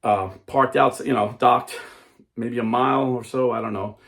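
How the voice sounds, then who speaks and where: A man telling a story to a crowd in an emphatic, dramatic way. His voice sits at an ordinary middle pitch. He jumps into the characters' lines as he tells it. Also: steady tone, normal speed, gravelly, fairly bright tone. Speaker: speaker.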